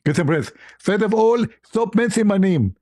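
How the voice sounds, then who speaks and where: A man's voice: high-pitched, lively intonation, moderate pace, a little mellow, dry recording, clean studio sound. A man voicing a pompous, condescending male preacher who lectures and corrects people. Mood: lecturing. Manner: preachy, condescending, starts with "first of all".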